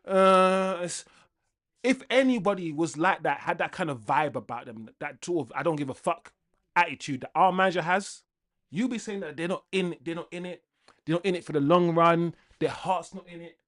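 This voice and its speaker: Ranting young male football fan host. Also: moderate pace. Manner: animated, swinging from loud outbursts to low muttering. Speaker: livestream football watchalong host. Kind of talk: casual fan rant to live chat.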